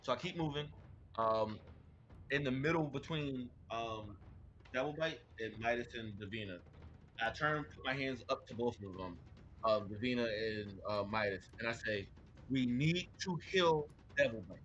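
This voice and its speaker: A man's voice: medium pitch, normal speed, a bit bright, highs cut off, slight background noise. Hesitant man playing in a tabletop game. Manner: hesitant, many fillers. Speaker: player. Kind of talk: casual tabletop game play.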